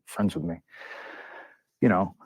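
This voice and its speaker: A man's voice: takes it slowly, darkish tone, dry recording. A man as an interview guest, telling a story bluntly with plenty of swearing and acted-out quotes.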